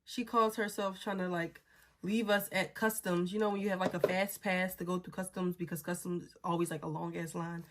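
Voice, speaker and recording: A woman's voice: lowish voice, flat delivery, a little fast, background noise. A young adult woman telling a story in a casual, blunt and profane way, sounding exasperated as she recounts it.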